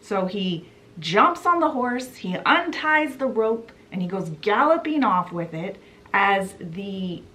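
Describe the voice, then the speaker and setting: A woman's voice: mid-range voice, big pitch swings, slow pace, bright, forceful tone. A woman hosting a book channel, retelling a classic story in a chatty, casual way. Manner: chatty, fills with "you know" and "he's like".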